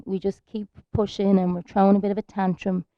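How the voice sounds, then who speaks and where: A woman's voice: medium pitch, little pitch movement, brisk, dark tone, no echo. An Irish woman leading a yoga class, talking through the poses in a soothing, chatty way. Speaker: yoga teacher. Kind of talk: guided yoga class instruction. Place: outdoors in a park. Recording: dull lo-fi sound.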